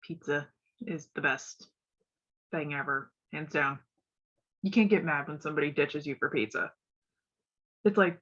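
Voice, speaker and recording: A woman's voice: low voice, moderate pace, long pauses, fairly bright tone, breathy edge. A woman from West Virginia, stuffed up, chatting casually and rambling on a stream, laughing often. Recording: dull lo-fi audio.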